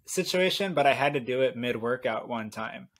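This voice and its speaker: A man co-hosting a podcast who chats in a relaxed, sympathetic way. His voice has a medium pitch and an everyday tone. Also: normal speed. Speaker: podcast co-host. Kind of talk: casual chat.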